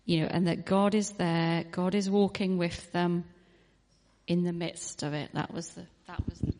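A woman telling a testimony at church, hesitant and full of fillers, growing animated as she goes on. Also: lowish voice, unhurried, in a large hall. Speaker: church member sharing a testimony. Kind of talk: spontaneous testimony. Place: church hall.

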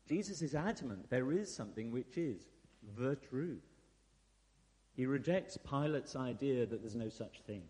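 A man preaching a sermon in a relaxed, conversational way, with fillers and asides to the congregation. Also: medium pitch, unhurried. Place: church hall. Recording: long hall reverb.

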